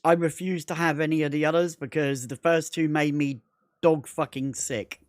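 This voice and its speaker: A man's voice: a little high, fairly even intonation, normal speed, no echo, studio quality. A man chatting casually on a gaming livestream, rambling, repeating himself and swearing constantly. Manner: rambling, repetitive, heavy swearing.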